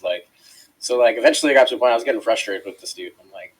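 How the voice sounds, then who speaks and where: A man's voice: mid-range voice, racing, slightly rough, rough recording. A man co-hosting a casual chat show, telling a long, profane story and acting out the people in it. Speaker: co-host.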